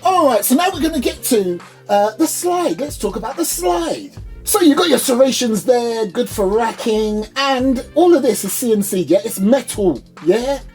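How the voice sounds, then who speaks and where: A man doing an upbeat, high-pitched reviewer persona, playfully showing off a product in his small home studio. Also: lively intonation, normal speed, darkish tone, soft background music. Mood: enthusiastic. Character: chirpy high-voiced male gun reviewer persona.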